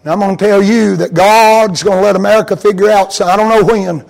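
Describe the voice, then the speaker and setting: A pastor preaching a sermon to his congregation, swinging from soft, intimate tones to high, chanted, fervent appeals. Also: fairly even intonation, a little fast, gravelly, poor audio.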